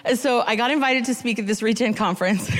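A woman in her thirties giving a storytelling sermon, chatty and self-deprecating, slowing down to read scripture. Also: fairly high pitch, big-room sound. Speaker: guest speaker.

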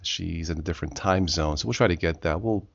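Joking podcast host man, low voice. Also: a little fast, creaky, no room sound, dull audio. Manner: jokey, rambling, laughs often. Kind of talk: casual chat.

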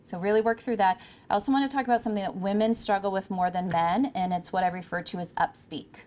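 A woman's voice: mid-range voice, steady tone, fast talker, a little mellow. A woman from California, a communication coach, giving an emphatic workshop talk to a room of interns. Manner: emphatic, clear presenter with varied pacing. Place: room with a live audience.

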